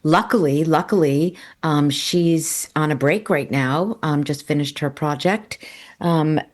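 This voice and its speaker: Low-voiced older woman, chatty co-host. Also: unhurried. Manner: laughs easily, chatty with filler ums. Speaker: podcast co-host, voice actor. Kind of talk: casual podcast chat.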